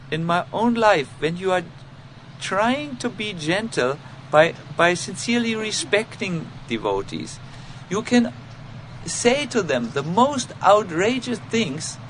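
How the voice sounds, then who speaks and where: A man with giving an informal spiritual lecture, halting with many fillers and restarts, and self-mocking. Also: high-pitched, big pitch swings, fairly bright tone, a little hiss or hum. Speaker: spiritual teacher giving a talk.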